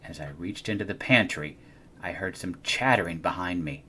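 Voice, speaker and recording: A young adult man reading a children's storybook aloud in an expressive, animated way. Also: low voice, moderate pace, breathy edge. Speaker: storybook reader.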